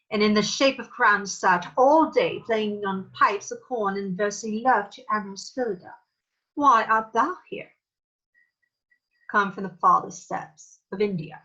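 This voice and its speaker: A woman's voice: medium pitch, slow pace, bright, forceful tone, lo-fi sound. A woman voicing a proud, jealous fairy queen who speaks in an imperious, accusing way. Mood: stately. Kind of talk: theatrical acting demo.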